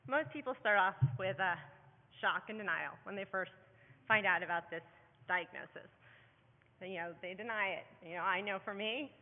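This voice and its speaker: A woman, herself a parent, giving an earnest conference talk to other parents, with frequent ums and restarts. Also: mid-range voice. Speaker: parent speaker at a heart-condition symposium. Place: conference hall. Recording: echoey hall over a thin phone-like line.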